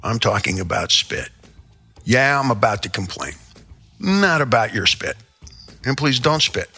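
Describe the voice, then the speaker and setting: Older guy from the midwest doing a big theatrical rant, sharp bright voice. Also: medium pitch, very animated, unhurried, slightly rough, faint music behind. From American Midwest. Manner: theatrical, rambling storyteller with sudden asides. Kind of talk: comedic rant monologue.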